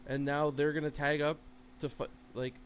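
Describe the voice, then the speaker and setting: A man's voice: a little high, level tone, normal speed, slight background noise. A man co-hosting a wrestling podcast, rambling casually with many fillers and acting out quotes. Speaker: podcast co-host.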